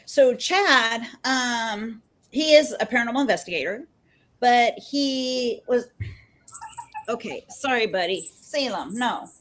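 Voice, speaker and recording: A woman in her fifties, a therapist, chatting as a podcast guest and telling stories in an animated way, acting out what people said. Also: on the high side, slow pace. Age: 50s. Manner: chatty and animated, acts out quoted dialogue. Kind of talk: casual storytelling in a podcast interview.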